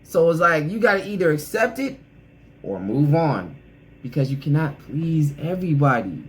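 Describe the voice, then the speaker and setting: High-voiced blunt man ranting. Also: normal speed, poor audio. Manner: blunt, opinionated, animated; talks straight to the person he reacts to. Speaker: reaction video host. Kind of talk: casual reaction commentary.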